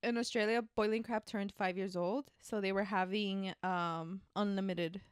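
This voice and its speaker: A woman co-hosting a casual podcast chat, speaking at a middle pitch. She is chatty and teasing, jumping in with quick remarks. Her voice sounds dry and close. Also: fairly even intonation, smooth, no echo. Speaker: podcast co-host.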